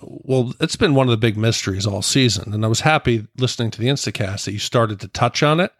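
A man in a casual podcast chat with a middle-pitched voice. He rambles along in a relaxed way with easy fillers, recorded close and dry. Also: fast talker, no echo. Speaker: podcast co-host.

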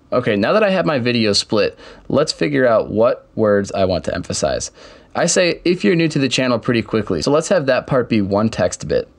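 A young man casually walking through software steps in a screen-recorded tutorial, with keyboard typing behind him. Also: medium pitch. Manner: step-by-step, casual explaining. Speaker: tutorial host.

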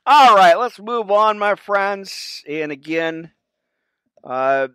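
A man's voice: sits high, animated, takes it slowly, pushed and bright, clear, resonant tone, dry recording. A man hosting a Bible study podcast, leading prayers and reading scripture with emotion, often calling his listeners friends. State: choked up. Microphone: wired mic with cable under shirt.

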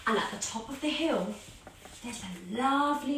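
A woman leading a children's yoga class as a story, giving animated, sing-song encouragement. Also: high voice, moderate pace, distant mic, slight background noise. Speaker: kids yoga teacher. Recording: echoey room, voice off-mic.

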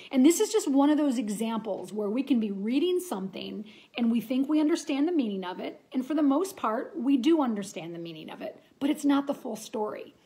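A woman's voice: sits high, lively intonation, brisk, few pauses, dark tone. A woman teaching a casual Bible study lesson, talking in an earnest, chatty way and reading scripture aloud.

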